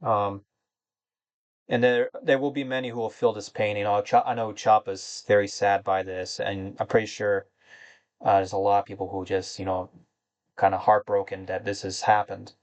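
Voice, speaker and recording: A man's voice: lowish voice, flat delivery, normal speed. Rambling man, somber and disappointed. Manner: rambling, with many fillers and restarts. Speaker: gaming channel host. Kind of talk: casual monologue to viewers.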